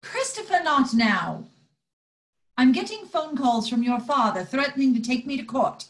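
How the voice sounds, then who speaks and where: A woman's voice: sits high, sing-song, normal speed. A woman reading the part of a stressed, loving mother, pleading and strained. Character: stressed mother Judy, frayed but loving. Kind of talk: live script reading over video call.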